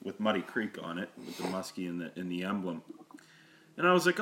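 A man co-hosting a podcast, telling a story in casual chat, animated and laughing, repeating words when excited. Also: on the low side, normal speed. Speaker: podcast co-host.

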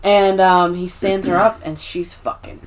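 A woman co-hosting a podcast, recapping episodes in casual chat and acting out scenes in quick put-on voices. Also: fairly low pitch, little pitch movement, over a noisy crowd. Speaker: podcast co-host.

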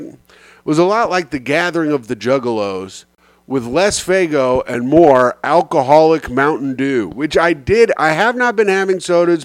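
A man hosting his own comedy podcast, spinning road stories in a loose, animated way and cursing freely. His voice sits a little high for a man. The sound is dry and close, with no room around it. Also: no echo. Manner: animated, swearing, slips into quoted voices. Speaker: podcast host. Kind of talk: casual comic storytelling.

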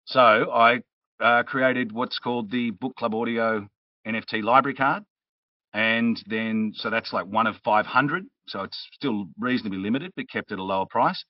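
A man's voice: medium pitch, normal speed, no room sound, distant mic, lo-fi sound. An Australian man, a guest on a podcast, chatting casually and explaining with anecdotes. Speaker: guest, audiobook narrator and publisher.

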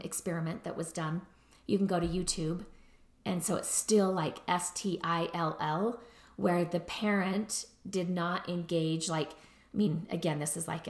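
A middle-aged woman therapist talks through her points in a relaxed, conversational way and keeps asking "right?". Her voice sits a little low. The room around her is echoey. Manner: conversational, explains with frequent "right?" and "like". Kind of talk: casual lecture on a book.

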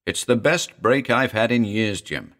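A man's voice: mid-range voice, animated, unhurried, fairly bright tone, voice pushed up. A man voicing a grim, dying man with bitter, sardonic gallows humor. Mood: giddy, grim. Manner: sardonic, mirthless.

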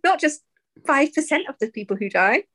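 Woman, from the UK, slightly high pitch, podcast co-host, casual animated chat. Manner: animated storyteller, quick asides.

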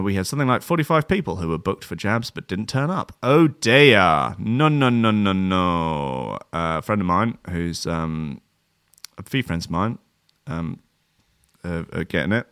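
Bright-voiced man rambling casually. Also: on the low side, dry recording, clean studio sound. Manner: rambling, jokey, filler-heavy. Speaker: livestream DJ host. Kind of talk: casual rambling livestream chat. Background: faint music.

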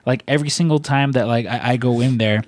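A man's voice: medium pitch, fast talker, no room sound. Rambling man in casual chat, dry mic. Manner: rambling, restarts a lot, laughs while telling.

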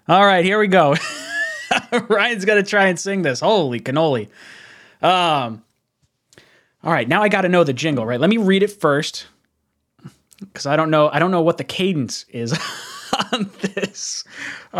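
A young man hosting a casual fan livestream, excitable, laughing often and reading chat messages aloud. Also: on the high side, moderate pace, pauses often. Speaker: livestream host.

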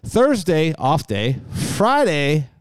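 A man co-hosting a podcast, telling a rambling, profane story with laughs, loud outbursts and mumbled asides. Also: on the high side, takes it slowly, clean tone, no room sound, clean studio sound. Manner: animated, swearing, laughing storyteller. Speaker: podcast co-host. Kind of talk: casual storytelling chat.

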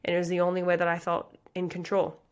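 A woman's voice: fairly low pitch, completely flat delivery, smooth. Passionate thirty-something woman coach. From Midwest of the US. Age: 30s. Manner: passionate, fast, chatty with many likes and you guys. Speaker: pageant coach and podcast host. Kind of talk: motivational podcast talk.

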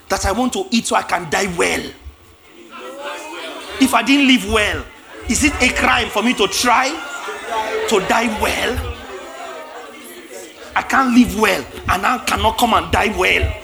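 Male preacher, high lively voice, bright tone, animated sermon. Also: vocal fry. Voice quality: animated, acts out biblical characters with shouts and laughter.

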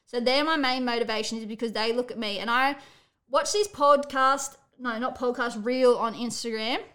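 Woman, young adult, coach on a podcast, blunt and fired up, a bit high-pitched. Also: moderate pace, clear, resonant tone. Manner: blunt, energetic, tells it how it is. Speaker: athletics coach and podcast host. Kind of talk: casual motivational podcast monologue.

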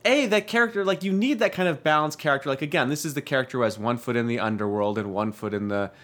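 A man's voice: mid-range voice, fast. A man co-hosting a casual chat, gushing enthusiastically with lots of "like"s. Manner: animated and enthusiastic, gushing with many "like"s. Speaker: podcast co-host. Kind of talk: casual chat reviewing a TV show.

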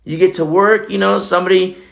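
A man's voice: sits high, steady tone, fast talker, gravelly, a bit bright. A man preaching a casual, conversational sermon in church, telling a personal story with many fillers. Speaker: pastor.

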